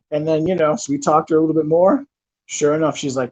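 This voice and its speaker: A man in his thirties who hosts a channel tells a personal story casually and ramblingly, with lots of fillers and restarts. His slightly high voice is steady, a little mellow and a little fast, heard through a dull lo-fi recording.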